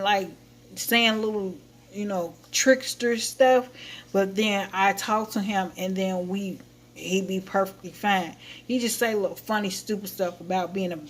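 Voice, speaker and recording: Woman livestreamer, mid-pitched voice, loose animated storytelling, casual chat. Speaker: livestream host.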